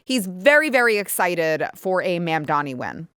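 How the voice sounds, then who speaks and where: A woman's voice: fairly low pitch, sing-song, moderate pace, background noise. An American woman hosting a political commentary show, talking emphatically and pushing her points hard. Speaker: host.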